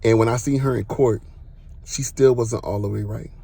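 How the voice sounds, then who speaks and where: A man hosting a podcast, telling a personal testimony in a casual, animated way, full of slang and acted-out exclamations. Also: mid-range voice, moderate pace, husky. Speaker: podcast host.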